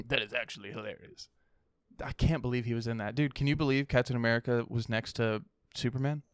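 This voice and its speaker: A man's voice: medium pitch, fairly quick, clean tone, no echo, clean studio sound. A young man co-hosting a casual podcast, teasing and joking, laughing often. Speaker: podcast co-host. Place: home room.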